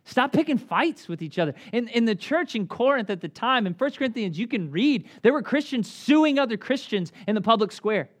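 A man in his thirties preaching a sermon as a pastor, conversational and animated, with acted asides. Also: very high-pitched, brisk, few pauses.

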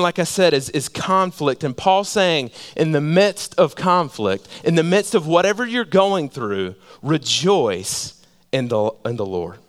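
A male pastor preaching a sermon in a conversational way, repeating phrases for emphasis and dropping to a hush. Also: a little high. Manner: conversational, repeats phrases for emphasis, swings between loud and hushed.

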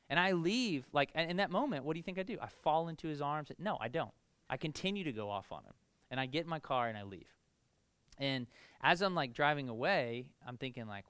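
A man preaching a relaxed, story-driven sermon, his voice bright, crisp and a little high. He talks casually and animatedly, leaning on filler words. The sound is close and dry with no room around it. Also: fairly quick, no room sound. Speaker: pastor.

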